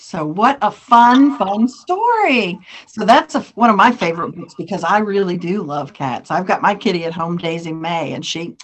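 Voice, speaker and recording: A woman's voice: on the low side, expressive, moderate pace, few pauses, slightly rough. A woman hosting a children's library program, chatty and enthusiastic as she moves between segments. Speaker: program host.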